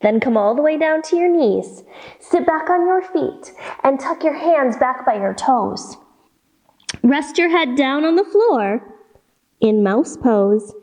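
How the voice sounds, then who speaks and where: A woman's voice: sits high, very animated, unhurried, darkish tone. A young woman leading a children's yoga storytime, cheerful and encouraging, with playful animal sounds. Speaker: kids yoga instructor.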